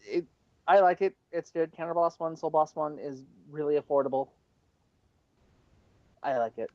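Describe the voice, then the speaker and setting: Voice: medium pitch, moderate pace, a little mellow, no room sound. A podcast panelist who talks hesitantly and plays down their own turn. The sound is muffled and completely dry, like audio from a call. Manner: hesitant, self-deprecating. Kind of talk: casual chat.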